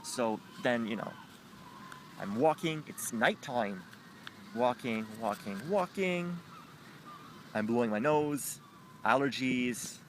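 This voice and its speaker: A man recounts a messy feud in a loose, meandering way, full of fillers and swearing. His pitch swings widely as he acts out what others said. Faint background noise sits under the voice. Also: slow, long pauses. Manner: animated, profane, jumps into squeaky voices when quoting others. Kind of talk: rambling anecdote with acted quotes.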